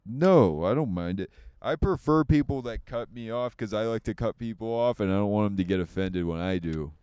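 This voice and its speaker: Low smooth-voiced young man bantering. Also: animated, a little fast, darkish tone, dry recording. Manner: loose, laughing, crude banter. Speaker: podcast co-host. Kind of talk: casual chat. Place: parked car. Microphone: handheld podcast mic.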